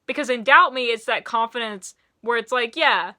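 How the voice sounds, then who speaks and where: A young woman with a Middle Tennessee accent, animatedly reviewing music in a casual video and laughing often. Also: a little high. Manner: animated, laughing, quick bursts of excitement.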